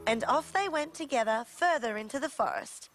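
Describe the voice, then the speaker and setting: A woman's voice: high-pitched, lively intonation, normal speed, faint music behind. A woman presenting and narrating a story for young children on a TV show, playful and inviting. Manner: warm, playful and inviting toward young viewers.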